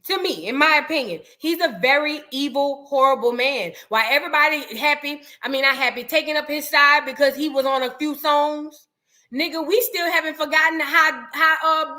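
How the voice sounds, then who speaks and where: A woman hosts a reaction stream in a casual, blunt manner, hammering her points home by repeating them. Her voice sits high and has a bright, ringing edge. She talks straight to the chat. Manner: blunt, emphatic, repeats herself. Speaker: reaction show host. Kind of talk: casual commentary to a live chat.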